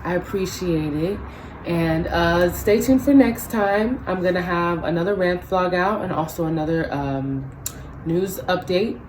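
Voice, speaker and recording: A woman's voice: on the low side, unhurried, darkish tone, slight background noise. A woman vlogger ranting casually and emphatically, swearing freely and rambling with many fillers. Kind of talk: ranting vlog.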